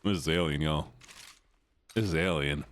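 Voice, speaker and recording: A man's voice: extremely low pitch, normal speed. A young man streaming a game live, chatting casually and playfully, laughing often and yelping at jump scares. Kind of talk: casual live-stream commentary while gaming.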